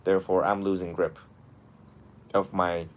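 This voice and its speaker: A young adult man, a monastic teacher, talking one on one in a lively storytelling way with frequent laughs. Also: sits low, unhurried. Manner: animated storytelling, often laughing. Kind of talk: one-on-one mentoring talk.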